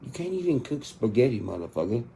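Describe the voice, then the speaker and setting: A man's voice: medium pitch, sing-song, quick pace, creaky, dark tone, slight background noise. A man in his thirties delivering an angry, profane spoken rant inside a song. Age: 30s. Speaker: country rap artist.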